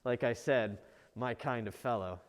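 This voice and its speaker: A man's voice: mid-range voice, unhurried, long reverb tail, pitched below the performer's own voice, natural voice. A man narrating a first-person sermon as an aging fisherman apostle looking back on his life, in a reflective storytelling manner.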